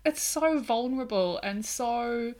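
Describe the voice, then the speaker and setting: A woman co-hosting a podcast, in casual film discussion, talking in an animated way and retelling scenes with lively emphasis. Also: fairly high pitch, unhurried. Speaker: podcast co-host.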